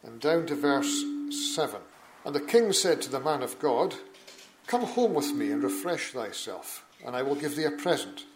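A man with an ordinary mid-range voice reads scripture aloud at a church meeting. His delivery is steady and measured. He breaks off now and then for short plain asides to the listeners. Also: mid-range voice, rough recording. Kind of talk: Bible reading at a church meeting.

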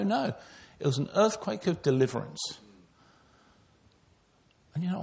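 An older man preaches with earnest conviction, weaving personal stories into his sermon and speaking straight to the children. His voice sits fairly high and carries a gravelly rasp.

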